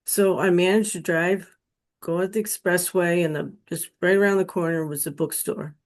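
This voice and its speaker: A woman's voice: fairly low pitch, steady tone. A woman telling her personal near-death experience story in an earnest, emotional way. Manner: slow, earnest, emotional retelling.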